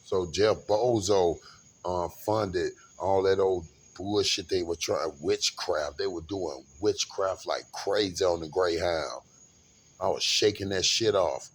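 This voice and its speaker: Guy with a lowish voice ranting about his bus trip, swears a lot, keeps restarting sentences. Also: takes it slowly, husky. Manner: rambling, profane, with repeated restarts. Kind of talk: casual monologue recounting a bus trip.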